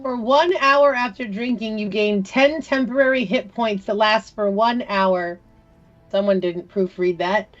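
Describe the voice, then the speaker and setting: A woman's voice: medium pitch, measured pace, soft background music. Teasing woman, dull lo-fi sound. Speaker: player. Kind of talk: casual chat, joking.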